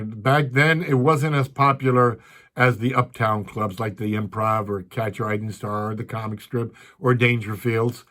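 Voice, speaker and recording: A man's voice: medium pitch, a bit bright. An older male stand-up comedian telling rambling stories from his career with many restarts and asides. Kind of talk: storytelling.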